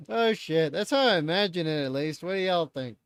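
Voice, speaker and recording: A man's voice: high-pitched, a bit bright, smooth, no echo, clean studio sound. A man hosting a live stream, reacting in loose, chatty talk and swearing freely.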